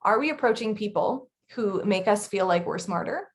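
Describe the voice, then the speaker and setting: A woman's voice: mid-range voice, expressive. Chatty, blunt woman co-host. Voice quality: blunt, chatty, quick to laugh. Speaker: podcast co-host. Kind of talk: casual chat.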